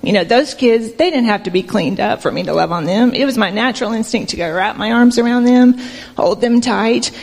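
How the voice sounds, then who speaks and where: A soft-spoken woman sharing an earnest, emotional personal testimony with a congregation. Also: on the high side, brisk, gravelly, big-room sound. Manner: earnest, conversational, emotional storytelling with fillers. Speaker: church member sharing a mission trip testimony.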